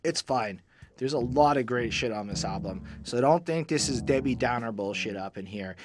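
A man's voice: mid-range voice, normal speed. A man hosting a music review, chatting casually and loosely with frequent fillers and swearing. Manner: loose, profane, full of "like" fillers. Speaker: music review podcast host. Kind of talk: casual album review chat.

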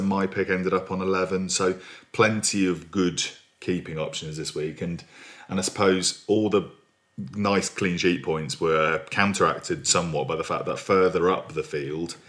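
A young man from Berkshire, England, hosting a casual podcast with jokey, self-mocking banter that trails off quietly. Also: sits low. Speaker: podcast host. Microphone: remote recording.

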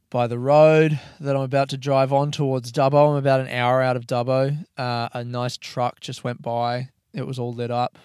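Young male comedian, casual storyteller, smooth tone, dry close sound. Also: medium pitch, a little mellow, no room sound. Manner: rambling, swearing, wry. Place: parked hire car by a road.

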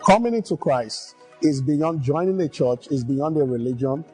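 Mellow-voiced man leading a prayer. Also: a little high, lively intonation, moderate pace, soft background music. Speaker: broadcast minister. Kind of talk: closing altar call.

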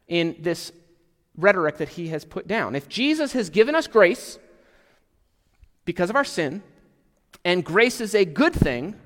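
A male pastor with a fairly high voice delivers a sermon in a loose, conversational way, with asides and a little self-deprecating humor. He sometimes drops to a near whisper for emphasis, and a long reverb hangs in the church hall around him. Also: a bit bright. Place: church sanctuary.

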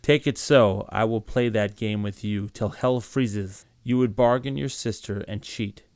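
Storybook hero: a man doing a steady, steel-voiced young husband, cold and firm, low voice, dry close sound. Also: a little slow, no echo. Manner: firm, iron-voiced, contemptuous.

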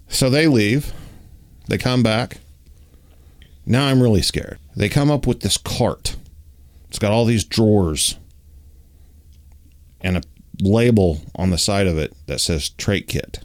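Animated man telling a story. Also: normal speed, long pauses. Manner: animated, acts out dialogue with raised pitch; uses many fillers like "like" and "you know". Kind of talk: casual storytelling chat.

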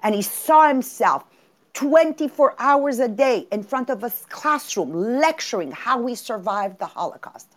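A woman co-hosting a motivational podcast, telling stories in an animated way and often repeating words, with French as her first language. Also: fairly high pitch, a little slow. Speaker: podcast co-host. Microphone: remote call.

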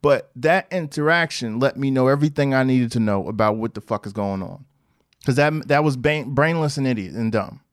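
A man hosting a podcast, telling a personal story in a loose, slangy, animated way. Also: mid-range voice, brisk, no echo, studio quality. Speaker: podcast host. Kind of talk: casual monologue.

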